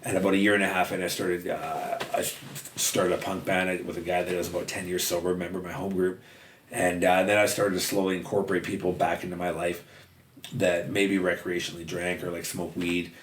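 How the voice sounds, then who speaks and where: Fast-talking, deep-voiced man off-mic in a roomy space. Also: flat delivery, distant mic. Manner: swears freely, fast and candid. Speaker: podcast guest. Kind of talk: casual conversation. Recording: roomy sound, a little off-mic, faint noise.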